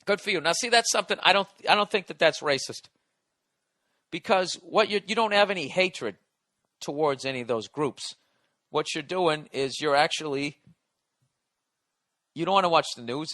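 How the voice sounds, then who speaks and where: A man in his forties talks into a close, dry studio mic in a bright, forceful voice that sits a little high for a man. He rambles and swears his way through a comedic podcast monologue, reading listener letters aloud while on cold medicine. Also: normal speed, no room sound. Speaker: podcast host.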